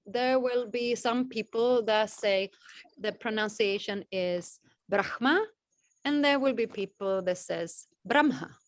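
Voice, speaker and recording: A woman leading an online class over a video call, talking slowly with many fillers and restarts. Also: medium pitch, no room sound. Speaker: class organizer. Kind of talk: casual online class talk.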